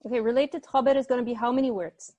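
A woman's voice: fairly high pitch, steady tone, racing, warm tone, no room sound, dull audio. A woman teaching Arabic grammar to students online, explaining patiently step by step and asking them questions, speaking through earbuds on a video call.

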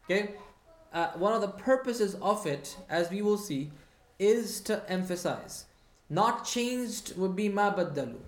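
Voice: medium pitch, lively intonation, measured pace. Patient teacher in a roomy echo. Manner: patient, checks understanding with frequent "hmm?" and repeats key phrases. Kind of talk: online Arabic grammar lesson, reading student comments.

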